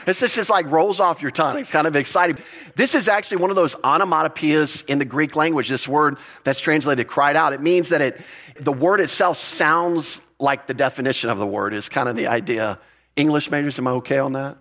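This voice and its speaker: A man's voice: on the high side, a little fast, a bit bright. A man teaching through a Bible passage in a conversational way, often repeating words and putting questions to his listeners. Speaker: pastor.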